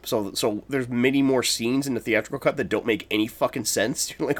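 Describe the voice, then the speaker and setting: A man of ordinary pitch talks bluntly in casual chat and swears freely. He sounds fed up with the film he is describing. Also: fairly even intonation, a little fast.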